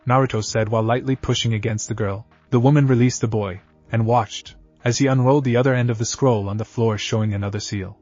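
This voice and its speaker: Guy reading a story in an even voice, kinda muffled, soft music underneath. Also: medium pitch, fast, hardly any pauses. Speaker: narrator. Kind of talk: scripted fan-fiction narration.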